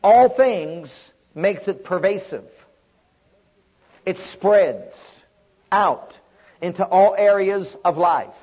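Male preacher, high husky voice, emphatic call-and-response sermon, muffled lo-fi recording. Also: big pitch swings, extremely slow, pauses often.

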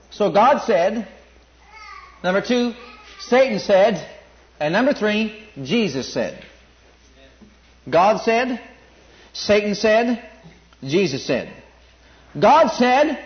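A man preaching a sermon, emphatic, repeating phrases and building to excited peaks. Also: sits high, slow pace, pauses often. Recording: dull lo-fi sermon recording.

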